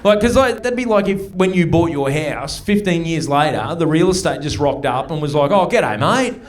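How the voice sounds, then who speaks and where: A man's voice: fairly high pitch, moderate pace. An Australian man doing a stand-up set in a comedy club, brash and conversational, swearing freely. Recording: live audience laughter.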